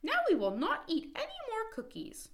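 A woman voicing a cheerful, excitable male frog in a children's storybook, with a high, eager, bouncy delivery. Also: normal speed, gravelly, full character voice.

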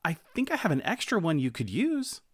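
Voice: medium pitch, wildly swooping pitch, a little fast, husky, dry recording, clean studio sound. A storyteller voicing a shy, thoughtful young male mouse in a children's storybook. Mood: earnest. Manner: gentle, earnest.

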